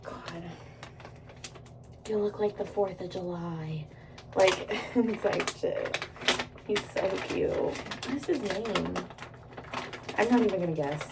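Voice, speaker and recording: A woman's voice: mid-range voice, slow, pauses often, distant mic, background noise. A young woman vlogging casually while doing her makeup, rambling, giggling and swearing freely. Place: indoors at home.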